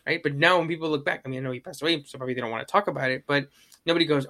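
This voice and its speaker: Bright-voiced man in casual sports chat. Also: on the high side. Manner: rambling, profane, mimics people in quick voices.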